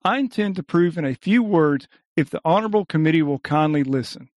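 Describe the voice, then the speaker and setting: A man voicing a cunning, elegant male thief who speaks as a polished spokesman, courteous and measured, in an audiobook reading. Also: on the high side, animated, no echo, clean studio sound, close to an everyday voice. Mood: indignant.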